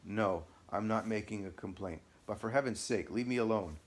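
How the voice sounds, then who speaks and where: A man's voice: on the low side, normal speed, slight background noise, lightly acted. A man reading the lines of a spiteful male healer who dabbles in sorcery, speaking sullenly.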